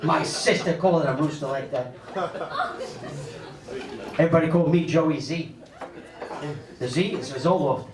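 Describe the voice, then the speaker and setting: A man, doing a stand-up comedy set on a club stage with animated storytelling and big pitch swings for punchlines. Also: normal speed, long pauses. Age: 50s. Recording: echoey club audio, mic a bit distant, loud crowd laughter.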